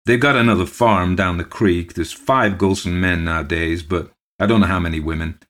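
Old country postmaster, low and soothing, read by a male narrator. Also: moderate pace. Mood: earnest. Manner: calm, placating, murmuring.

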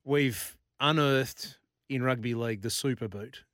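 A man's voice: mid-range voice, unhurried, fairly bright tone, no room sound, clean studio sound. Chatty male interview host. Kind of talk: casual interview chat.

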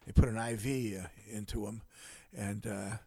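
An older man, a guest on a podcast, telling a long story in an unhurried way with many pauses and some dry humor. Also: on the low side, steady tone, creaky, darkish tone, slightly rough, dry recording. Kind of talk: casual storytelling in a podcast conversation.

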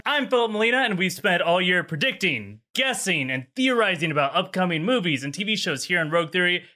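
A man hosting a comedic panel show, bantering and joking quickly with his guests over a video call. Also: high voice, expressive, sharp tone. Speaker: host. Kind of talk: casual comedic panel chat.

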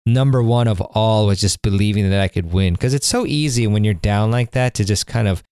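A man's voice: fairly low pitch, brisk, mellow, clear, resonant tone, dry recording, clean studio sound. A man hosting a podcast, talking in a rambling, enthusiastic way with lots of fillers and restarts. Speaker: podcast host. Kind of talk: casual conversational intro and interview.

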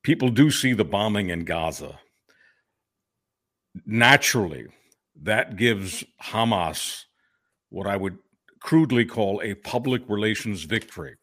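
A man's voice: fairly low pitch, expressive, unhurried, long pauses, a bit bright, no room sound, studio quality. A man co-hosting a podcast, brash and punchy in delivery. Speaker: co-host. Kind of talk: podcast talk.

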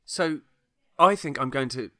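A man's voice: medium pitch, measured pace, pushed and bright, dry recording, clean studio sound. A middle-aged man, chatting casually on a podcast as he retells a film plot, enthusiastic and full of restarts. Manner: rambling, enthusiastic, many restarts. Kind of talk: casual chat.

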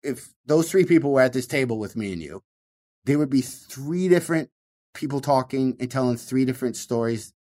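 A man with a Michigan accent, a stand-up comedian talking fast and animatedly in an interview, swinging his voice up and down to show his points. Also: mid-range voice, animated, warm tone. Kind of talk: casual interview talk.

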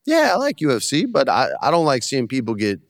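A man in his forties, a guest on an interview show, talking casually and telling animated stories that act out the voices of the people in them. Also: medium pitch, a little fast, dry recording, clean studio sound. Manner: animated storyteller, acts out quotes. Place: studio in Hollywood.

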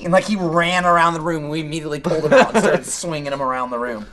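A man co-hosting a podcast, telling stories in a casual chat with loud outbursts and swearing. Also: fairly high pitch, very fast, a crowd in the background. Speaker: podcast co-host.

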